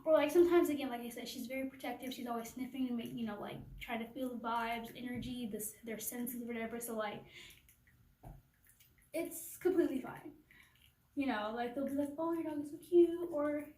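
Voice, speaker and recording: A woman's voice: fairly high pitch, steady tone, fairly quick, dark tone. A woman vlogger telling a rambling, casual storytime rant, full of "like" and "you know". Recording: echoey room, from a distance, faint noise.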